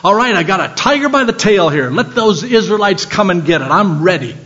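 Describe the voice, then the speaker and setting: A man's voice: high-pitched, expressive, fairly quick, fairly bright tone, big-room sound. A man voicing the prophet Elijah, indignant and vengeful, with an impassioned, pleading delivery. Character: indignant weary male prophet, fiery and vengeful. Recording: dull lo-fi sound.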